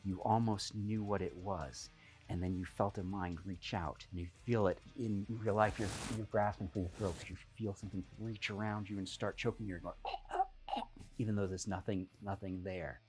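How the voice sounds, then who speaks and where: Brief: male game master, low voice, rambling narration, soft music behind. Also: fairly even intonation, moderate pace. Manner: rambling, restarts often.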